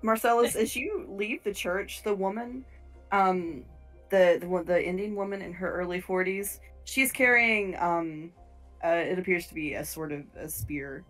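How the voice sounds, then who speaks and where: Female game master, lower voice, descriptive narration with hesitations, faint music under it. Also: a little slow, fairly bright tone. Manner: descriptive, with fillers and restarts. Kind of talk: narrating a tabletop horror game.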